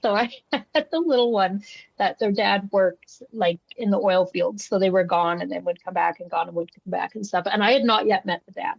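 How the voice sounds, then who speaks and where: A woman's voice: medium pitch, normal speed, creaky, husky, no echo. A woman co-hosting a casual podcast chat, a day home provider who tells stories and acts out the voices. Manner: animated storyteller, acts out voices. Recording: dull, dry lo-fi sound.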